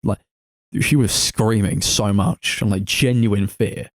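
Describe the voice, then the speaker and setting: A man's voice: lowish voice, steady tone, takes it slowly, no room sound, studio quality. A man co-hosting a casual movie review podcast, sarcastic and mocking, swearing freely. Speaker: podcast co-host.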